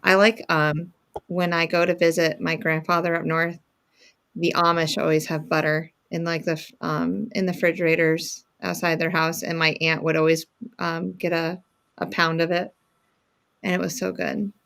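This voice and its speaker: Gravelly-voiced woman in easy chat. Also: lowish voice, little pitch movement, fairly bright tone. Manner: easygoing, quick back-channel replies. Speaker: guest in a sewing circle chat. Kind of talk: casual chat.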